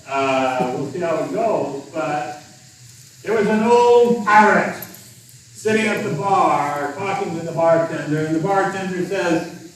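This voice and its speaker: A man emceeing an event in a relaxed, folksy way. His voice is high and he speaks slowly. It carries from far off, with strong echo from a large hall. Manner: folksy, chuckling at his own joke. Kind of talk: emceeing, telling a joke.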